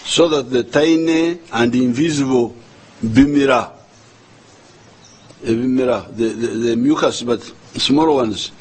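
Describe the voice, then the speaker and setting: Speaking as head of state, an older Ugandan-accented man delivers a deliberate, slow formal address to the nation, frequently repeating words as he reaches for what comes next. His medium-pitched voice carries a breathy edge, and the recording quality is rough.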